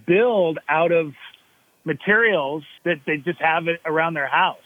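A man co-hosting a casual podcast, rambling with lots of fillers and getting excited about good news. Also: a little high, unhurried. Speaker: podcast co-host. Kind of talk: casual chat. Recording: dry, tinny phone-like sound.

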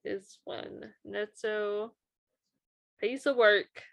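A woman's voice: medium pitch, steady tone, extremely slow, creaky, fairly bright tone, dry recording. A young woman co-hosting a podcast in casual chat, reacting and often trailing off mid-sentence. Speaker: podcast co-host.

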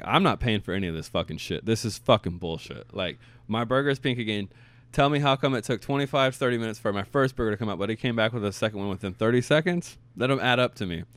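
A young man tells a story in casual chat, cursing freely and acting out the quotes. His voice sits on the low side. The sound is dry and close. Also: smooth, dry recording. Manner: animated, profane storytelling, acts out quotes.

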